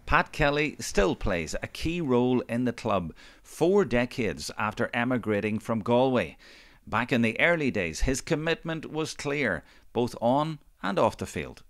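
A man reading scripted documentary narration in a measured, formal way. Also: mid-range voice, lively intonation, no echo, clean studio sound.

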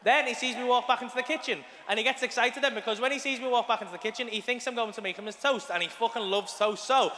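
A man's voice: very high-pitched, quick pace, hardly any pauses, a little hiss or hum. A man doing a sweary, blunt stand-up set in a large theatre. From England. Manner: sweary, blunt storytelling with acted-out outbursts. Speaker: stand-up comedian. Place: large theatre with a big audience. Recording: live hall recording with a loud crowd.

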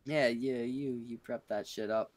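A man's voice: medium pitch, fairly even intonation, a little slow, darkish tone, dry recording. A man hosting a podcast stream in casual chat, rambling and joking crudely, full of uh and restarts. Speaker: podcast host.

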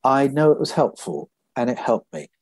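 Mellow-voiced man, reflective storyteller. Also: medium pitch, expressive, moderate pace, vocal fry, dry recording. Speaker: author guest. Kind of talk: podcast interview.

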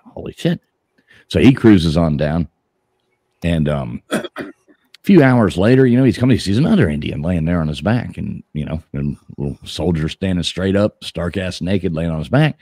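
Very deep-voiced man telling a crude joke. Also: animated, moderate pace, warm tone, dry recording, studio quality. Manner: crude joke teller, doing voices in the punchlines. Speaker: host. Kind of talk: live stream chat, telling a joke.

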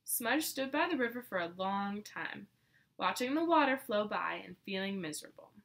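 Bright, expressive woman storyteller. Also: medium pitch, normal speed. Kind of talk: children's read-aloud.

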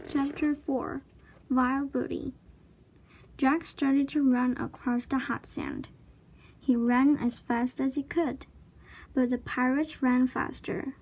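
Slow, high-voiced woman reading a storybook. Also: fairly even intonation, darkish tone, husky. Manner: slow, deliberate storybook narration. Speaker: reader. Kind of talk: children's book read-aloud.

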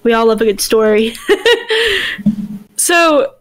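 A woman with a high, light voice chats on a podcast about game details. She talks with easy enthusiasm in a casual, friendly way. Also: animated, slow. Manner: chatty and enthusiastic, laughs easily. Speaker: podcast co-host.

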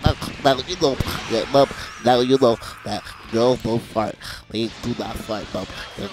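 A man putting on the voice of a deep-voiced, stern man scolding the chat. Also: a little slow, music in the background, lightly acted, low-quality recording.

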